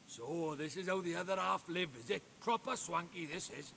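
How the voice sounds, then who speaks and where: A man voicing a brash, bossy little male fairy sidekick who talks in a pushy, urgent way, heard as quiet game audio under noise. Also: high voice, moderate pace, gravelly, heavily acted.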